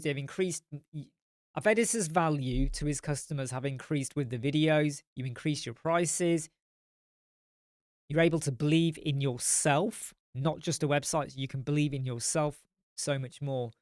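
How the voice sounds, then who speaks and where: A man's voice: fairly high pitch, unhurried, no room sound, clean studio sound. A man hosting a casual live chat, tired and yawning, rambling as he answers viewer comments.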